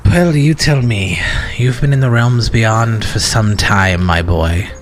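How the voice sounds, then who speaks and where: Guy doing a deep slow old schemer, calls everyone "my boy", lots of uhs, soft music under it. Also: fairly even intonation. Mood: conspiratorial. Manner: slow, measured, full of hesitations. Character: elderly gentleman schemer, calls others "my boy". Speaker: roleplay character. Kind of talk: in-character roleplay dialogue.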